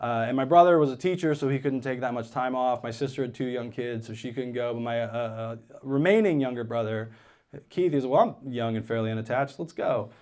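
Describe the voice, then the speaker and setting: A man doing stand-up comedy, telling a story on stage and dropping into flat, low-voiced quotes of other people. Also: fairly quick. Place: theater stage with a live audience.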